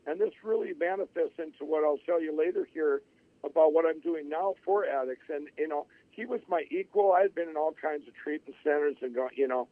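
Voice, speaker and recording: Middle-aged male guest on a phone line, higher voice, dry close sound, rambling storyteller. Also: a little fast, no echo. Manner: rambling, with many restarts and acted-out quotes. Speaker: interview guest. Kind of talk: telling his life story in an interview. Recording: tinny phone-line audio.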